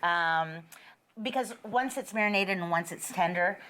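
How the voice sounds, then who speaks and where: A woman's voice: on the low side, a little slow, pushed and bright. A woman hosting a cooking show in a studio kitchen, talking with bubbly enthusiasm and laughing often. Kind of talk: lively cooking show banter.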